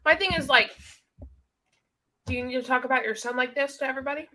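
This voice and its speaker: A woman's voice: high-pitched, fast, noisy background. A woman co-hosting a casual reaction commentary, blunt, outspoken and joking. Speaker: co-host.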